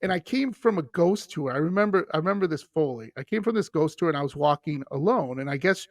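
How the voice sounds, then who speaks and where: A man's voice: on the high side, fast talker, no echo, clean studio sound. A man, a podcast guest telling stories in casual chat and acting out the people he quotes. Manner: animated storyteller who acts out quoted voices.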